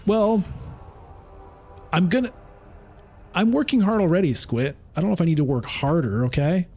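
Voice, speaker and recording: A man's voice: high-pitched, moderate pace, darkish tone, husky, highs cut off, faint music behind. A man giving casual, chatty commentary as he plays a digital board game, thinking aloud. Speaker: streamer.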